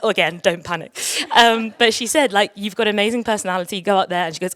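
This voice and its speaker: A woman's voice: on the high side, expressive, moderate pace, hardly any pauses, a bit bright, dry recording. A young woman speaking on a conference panel, chatty and emotional, often laughing. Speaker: panelist, athlete. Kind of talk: panel discussion.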